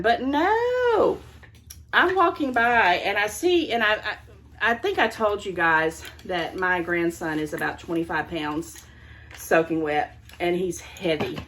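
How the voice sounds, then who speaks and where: A woman's voice: mid-range voice, lively intonation, measured pace, fairly bright tone, slight background noise. An older woman, a grandmother, chatting casually on camera at home about her thrift finds, laughing often and stopping to handle the items. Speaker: thrift haul vlogger. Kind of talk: casual haul video chat.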